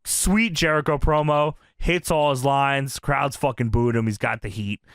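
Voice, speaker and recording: A man co-hosting a casual wrestling review podcast, animated and profane, laughing often and reading promos aloud. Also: mid-range voice, a little slow, smooth, no room sound. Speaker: podcast co-host.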